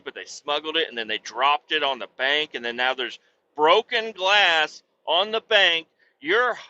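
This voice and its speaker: A man's voice: on the high side, pushed and bright, highs cut off. A man hosting a podcast and telling a rowdy, profane, rambling comic story. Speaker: podcast host.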